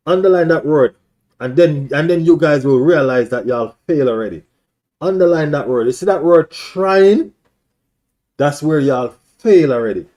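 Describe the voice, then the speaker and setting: A man's voice: fairly high pitch, dark tone. A man hosting a live stream, ranting as a football fan in an emphatic, repetitive, taunting way.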